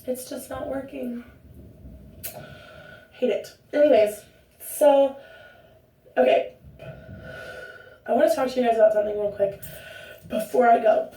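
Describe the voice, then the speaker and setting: A woman's voice: on the high side, normal speed, long pauses, dark tone. Chatty young woman in an echoey room. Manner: rambling, chatty, self-interrupting. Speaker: vlogger. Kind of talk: casual chat to camera. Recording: roomy echo, distant from the mic.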